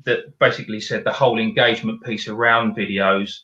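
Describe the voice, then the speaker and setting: A man's voice: on the low side, flat delivery, a little fast, sharp tone, roomy sound, lo-fi sound. A man with a South London accent, a podcast guest giving practical explanations in casual chat. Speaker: guest, video company director.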